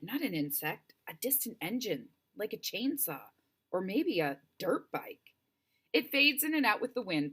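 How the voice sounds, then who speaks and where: A woman narrating a first-person audiobook with expressive, wryly humorous storytelling. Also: lowish voice, breathy edge.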